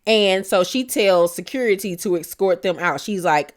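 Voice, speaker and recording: A woman's voice: medium pitch, moderate pace. A woman, hosting a casual reality TV recap and gossiping animatedly as she acts out the cast's lines.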